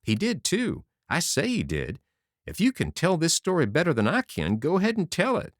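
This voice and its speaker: A man's voice: fairly high pitch, wildly swooping pitch, moderate pace, no echo, studio quality, pitched above the performer's own voice. A man voicing an eager young male soldier who rambles through a story in folksy slang. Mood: eager bragging.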